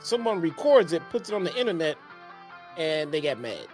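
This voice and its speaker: A man's voice: on the high side, sing-song, normal speed, a little mellow, soft background music. A man co-hosting a casual wrestling review show, reacting with incredulous, exasperated remarks. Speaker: podcast co-host.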